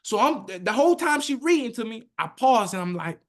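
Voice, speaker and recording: Animated man in his thirties telling his story. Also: very high voice, brisk. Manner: animated, emphatic, acts out quotes in his own voice. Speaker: podcast guest. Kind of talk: emotional personal storytelling.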